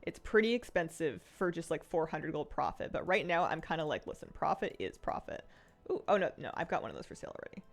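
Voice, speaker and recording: A woman's voice: low voice, lively intonation, fast, hardly any pauses. A young woman streaming a game, chatting casually in a rambling way and laughing often. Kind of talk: casual chat while gaming.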